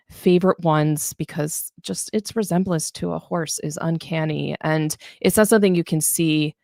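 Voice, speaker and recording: Gravelly low-voiced woman teaching stargazing. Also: a little mellow, dry recording, clean studio sound. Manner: chatty, explanatory, with fillers and self-corrections. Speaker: author and astronomy educator. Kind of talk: live-streamed stargazing lesson.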